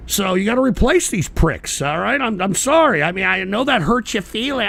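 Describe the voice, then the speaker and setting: A man hosting his own livestream radio show, ranting angrily with lots of swearing and sudden shouted bursts while answering chat. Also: high voice, lively intonation, moderate pace, creaky, few pauses. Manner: profane, combative, shouting bursts. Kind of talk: angry ranting commentary, reading chat.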